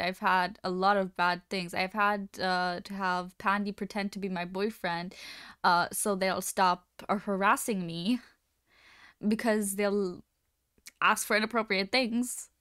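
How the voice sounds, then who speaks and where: Chatty young woman streamer, smooth voice. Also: medium pitch, unhurried, no echo, studio quality. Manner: chatty, animated storytelling. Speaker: livestream host. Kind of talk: casual chat.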